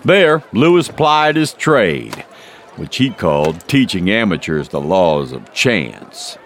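A man narrating a western story in a measured, storytelling manner. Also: deep voice, big pitch swings, fairly bright tone, a little hiss or hum.

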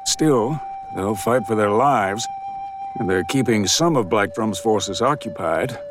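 A man narrating a western audiobook voices a cool, refined male gambler who speaks with measured, formal diction. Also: fairly low pitch, animated, music in the background, pitched below the performer's own voice. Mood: dry.

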